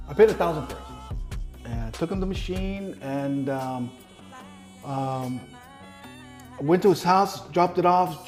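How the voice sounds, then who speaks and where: A man telling a story in casual talk, swearing freely and acting out the voices of people he quotes. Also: on the high side. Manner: profane, animated, acts out quoted dialogue. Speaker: guest.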